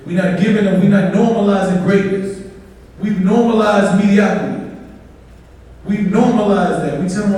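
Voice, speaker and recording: A man delivers a fervent, preachy motivational speech, rallying the crowd to repeat his lines. His voice sits fairly high for a man. It rings through a big hall with long reverb, picked up from well back of the mic. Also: fairly even intonation, moderate pace, long pauses, mellow. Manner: impassioned, preachy, leads call-and-response with the crowd. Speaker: conference speaker. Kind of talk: motivational speech and spoken-word poem. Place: large conference hall. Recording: echoey hall, mic far off.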